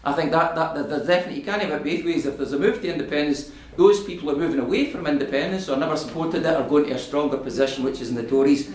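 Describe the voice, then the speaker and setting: A man's voice: fairly high pitch, racing, few pauses. Argumentative Scottish man in an echoey hall. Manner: animated, argumentative, addresses audience directly. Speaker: invited political speaker. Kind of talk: public talk answering audience questions. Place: community hall. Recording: echoey room.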